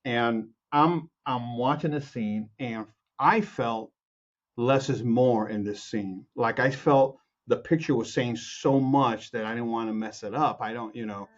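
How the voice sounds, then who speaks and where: A man from Chicago, a composer and guest, telling anecdotes with lively acted-out quotes, many restarts and laughs. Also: mid-range voice, unhurried, highs cut off. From Chicago, USA. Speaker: music producer and film composer, guest. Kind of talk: animated anecdotal storytelling.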